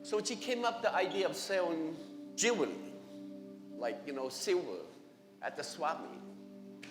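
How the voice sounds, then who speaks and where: A man giving a personal testimony at church, animated and acting out conversations, speaking English with non-native grammar. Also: a little high, measured pace. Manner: animated, acts out dialogue with his wife. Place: church hall. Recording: echoey hall with music behind.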